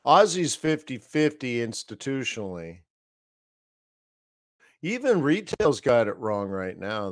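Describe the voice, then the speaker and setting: A man's voice: fairly low pitch, no room sound, clean studio sound. A man hosting a live trading stream, casually talking through market charts and thinking aloud as he goes. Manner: casual, rambling, talks to himself while reading charts. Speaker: trading analyst host.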